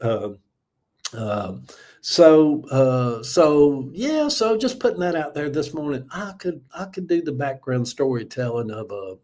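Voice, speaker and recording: This seventy-year-old man speaks with a Georgia Southern accent in a fairly high, mellow, animated voice, taking his time. Hosting a casual livestream, he rambles in a folksy manner, thanks his viewers, and lets sentences trail off into lots of uhs.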